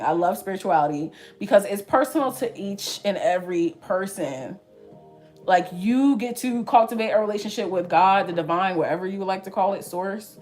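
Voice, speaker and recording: A woman's voice: mid-range voice, a little mellow. A young woman in her twenties telling a story to her viewers in casual, slangy chat, laughing often. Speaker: vlogger.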